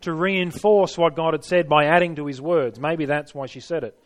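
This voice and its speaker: A man's voice: on the high side, fairly even intonation, normal speed. Emphatic preacher, a man. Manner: emphatic, rhetorical questions to the listeners. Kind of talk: sermon.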